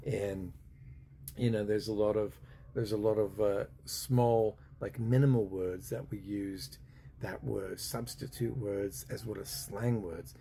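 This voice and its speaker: A man's voice: fairly low pitch, warm tone, slight background noise. A man in his fifties telling a personal story in a casual, rambling way, full of fillers and restarts. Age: 50s. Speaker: vlogger.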